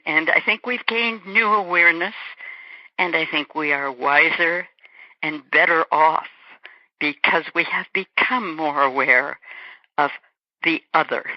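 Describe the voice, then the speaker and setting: A woman's voice: low voice, no echo. Woman in her eighties, earnest guest. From Germany. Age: 80s. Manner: reflective, earnest, acts out small quoted remarks. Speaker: guest author. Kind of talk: interview conversation. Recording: dull lo-fi radio recording.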